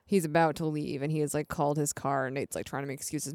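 A woman's voice: sits low, fairly even intonation, fast talker, vocal fry, few pauses, darkish tone, no echo, studio quality. A young woman co-hosting a podcast, bluntly recapping a TV episode in casual chat. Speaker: podcast co-host.

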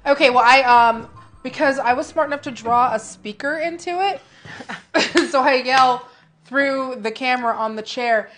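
A woman's voice: high-pitched, normal speed, fairly bright tone, soft background music. Giggly playful woman player. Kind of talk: casual tabletop play.

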